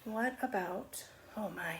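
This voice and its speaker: A middle-aged woman teaching a phonics lesson on video at home, stretching out letter sounds slowly and patiently. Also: mid-range voice, a little hiss or hum. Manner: slow, drawn-out sounding of letters. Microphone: camera on video.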